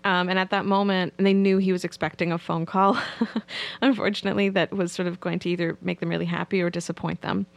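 A woman's voice: on the low side, little pitch movement, fast, gravelly, no room sound. A woman psychotherapist, a podcast guest, candidly telling a story about her clients. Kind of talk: podcast interview.

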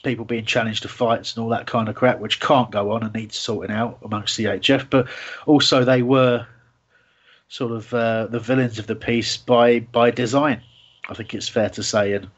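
A man's voice: medium pitch, steady tone, normal speed, slightly rough. A man hosting a casual football fan radio show, rambling with lots of fillers and restarts. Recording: dull lo-fi sound.

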